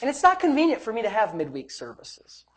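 A man's voice: very high-pitched, wildly swooping pitch, a little fast, a bit bright. Fervent preaching man. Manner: fervent, exclaiming praise and hallelujahs. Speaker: pastor. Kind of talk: sermon.

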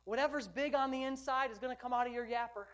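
A woman's voice: a little high, fast talker. A woman pastor preaching a sermon, rhythmic and emphatic, with lighthearted asides to the congregation.

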